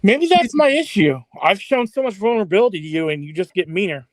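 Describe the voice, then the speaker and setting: A man's voice: high voice, very animated, quick pace, no room sound, low-quality recording. Self-deprecating joking man. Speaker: podcast co-host. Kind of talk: casual chat.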